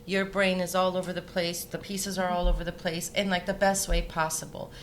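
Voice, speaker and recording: A woman's voice: lowish voice, little pitch movement, a little fast, slight background noise. A woman from Denmark, a jewelry designer, chatting in an interview and telling anecdotes with quoted dialogue. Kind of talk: conversational interview.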